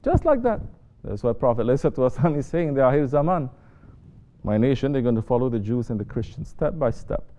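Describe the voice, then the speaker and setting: A sheikh giving a sermon, mostly soft-spoken and rising to sharp emphasis when he scolds. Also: medium pitch, big pitch swings, fast. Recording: dull lo-fi recording with faint noise.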